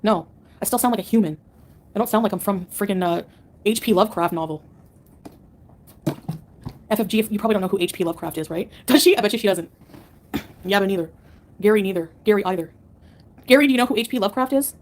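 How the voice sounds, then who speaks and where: A woman's voice: mid-range voice, fast talker, long pauses, a little mellow. A woman livestreamer answering her chat in a combative, sarcastic rant. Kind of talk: live-stream rant to chat.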